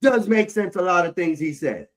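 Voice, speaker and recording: A man's voice: high-pitched, lively intonation, normal speed, a bit bright. A man ranting angrily on a livestream, swearing heavily and repeating himself. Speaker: livestream host. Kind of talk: angry livestream rant.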